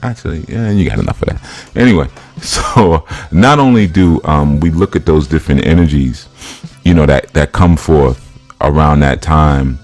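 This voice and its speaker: A man's voice: extremely low pitch, normal speed, darkish tone, soft background music. A man, a spiritual teacher, giving a loose, joking, conversational talk while going through slides.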